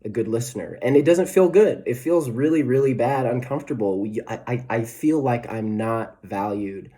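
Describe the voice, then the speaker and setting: A young man in his twenties delivers a sermon in an easygoing, conversational way, often restarting his sentences and checking in with "right?". His voice sits at an ordinary middle pitch with a soft, mellow, dark tone. He comes across as a pastor who jokes about himself while he teaches. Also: expressive, normal speed. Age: 20s. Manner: conversational, self-deprecating, frequent restarts and "right?" tags.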